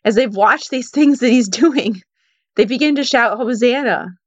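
A woman's voice: a little high, moderate pace, no echo. A woman giving a casual Bible teaching, retelling the story in a conversational way with frequent "you know" and "like". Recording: dull, dry sound.

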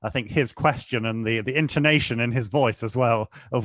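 A man's voice: mid-range voice, steady tone, normal speed, few pauses, a bit bright, dry recording, clean studio sound. A man hosting a film podcast, agreeing with his co-hosts and introducing the next segment in an easygoing way. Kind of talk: casual film review chat.

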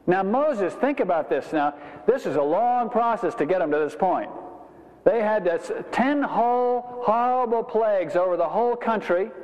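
A man preaching a sermon as pastor, animated, acting out quoted voices as he talks. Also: normal speed. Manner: animated, acts out quoted voices with rising pitch. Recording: dull reverberant hall recording.

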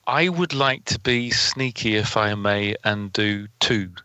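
Bright, low-voiced man, politely playful. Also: slow pace, clean tone, dry recording, low-quality recording. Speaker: panel guest. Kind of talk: casual panel chat.

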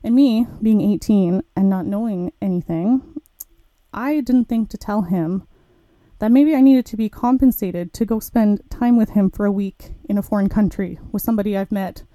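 A woman's voice: medium pitch, moderate pace, dry recording. A young woman podcast host telling a personal story in a candid, chatty way, acting out her own quoted thoughts. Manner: candid, chatty, animated retelling with quoted asides. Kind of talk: casual storytelling.

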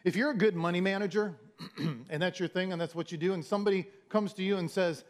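Preaching quickly in a voice that sits high, this man sounds more like he's chatting and telling a story than giving a formal sermon. He keeps starting his words over and plays the parts of the people he quotes.

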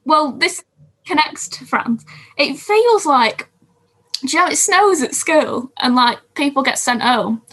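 A woman's voice: high-pitched, expressive, measured pace, a bit bright. A woman co-hosting a casual podcast, chatting about TV shows from her notes. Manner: chatty, reads from notes, self-interrupting. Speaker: podcast co-host.

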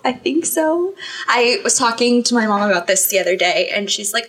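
A woman co-hosting a casual podcast, reacting playfully and quickly. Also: fairly high pitch, a bit bright. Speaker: podcast co-host.

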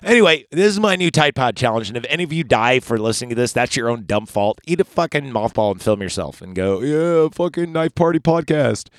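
A man's voice: mid-range voice, animated, fast, hardly any pauses, dry recording, studio quality. A man hosting a podcast, casually recapping a film in a rambling, profane, sarcastic way. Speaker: podcast host.

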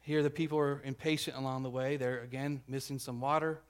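A man's voice: mid-range voice, flat delivery, fairly quick, smooth. Man preaching a conversational sermon. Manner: conversational preaching, checks in with the congregation; acts out grumbling crowd voices. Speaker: pastor.

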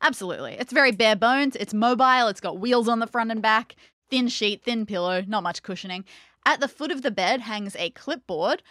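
A woman's voice: a little high, a little fast, a bit bright, dry recording. A woman acting as game master, describing scenes in a mystery game.

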